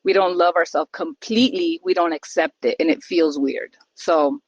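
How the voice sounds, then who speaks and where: A woman's voice: lowish voice, moderate pace, dry recording, lo-fi sound. A woman co-hosting a casual podcast, talking openly about her feelings and acting out what others say. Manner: open, emotional, acts out quoted voices. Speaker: podcast co-host.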